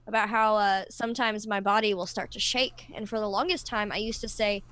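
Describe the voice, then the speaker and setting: A woman's voice: mid-range voice, steady tone, fairly quick, a bit bright, clear, resonant tone. A woman co-hosting a casual panel discussion, explaining ideas thoughtfully with personal examples and frequent restarts. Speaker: co-host of a discussion livestream.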